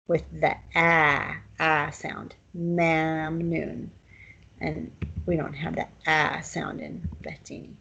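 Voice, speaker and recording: A woman teaching a language lesson, explaining pronunciation and sounding out words slowly. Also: on the low side, low-quality recording.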